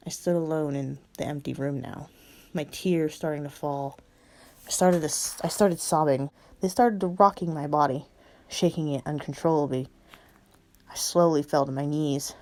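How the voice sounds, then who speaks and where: A woman reading her own fan fiction aloud in the first person, in a slow, subdued manner. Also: low voice, fairly even intonation, darkish tone.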